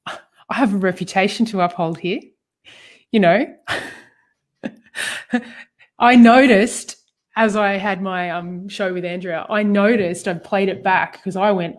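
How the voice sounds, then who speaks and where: Chatty woman laughing through a story. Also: mid-range voice. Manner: animated storytelling, laughs often, frequent fillers. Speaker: co-host. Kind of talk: personal conversation about healing.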